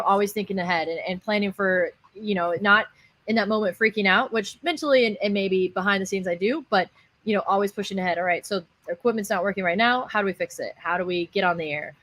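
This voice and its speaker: A woman's voice: medium pitch, a bit bright. A woman who works as a baseball broadcaster, answering questions in a thoughtful, upbeat, conversational way. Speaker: minor league baseball broadcaster. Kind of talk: radio interview guest.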